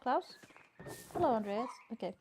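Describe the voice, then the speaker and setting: A woman playing a story game and reading its dialogue aloud, thinking out loud casually and swearing often. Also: on the high side, animated, normal speed, noisy background. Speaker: game streamer.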